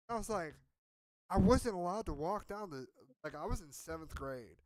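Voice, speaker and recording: A man's voice: high-pitched, expressive, moderate pace, darkish tone, no echo. A man telling a story on a podcast in a rambling, profane, self-mocking way. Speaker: podcast co-host. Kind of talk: casual storytelling.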